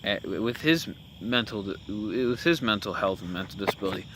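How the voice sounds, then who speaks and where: A man's voice: fairly low pitch, lively intonation, moderate pace, noisy background. A young man hosting a podcast, talking through his opinions in a casual, rambling monologue full of fillers and restarts. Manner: rambling, with many fillers and self-corrections. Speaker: podcast host.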